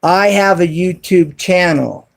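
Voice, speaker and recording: A man hosting a casual live stream from his cell phone, talking to viewers in the chat and spelling words out slowly and deliberately. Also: sits high, vocal fry. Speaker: YouTube channel host live streaming.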